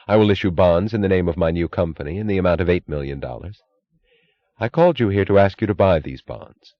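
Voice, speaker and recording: A man's voice: deep voice, no echo, highs cut off. Man reading as a precise, pleading woman executive. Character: determined woman railroad executive.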